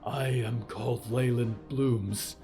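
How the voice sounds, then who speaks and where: Stitched creature, stiff and formal, fearful servant, voice set a touch higher and thinner, as the storyteller puts it on. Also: male voice, fairly even intonation, takes it slowly, over music, lightly acted. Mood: stiff, uneasy. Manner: stiff formal speech without contractions.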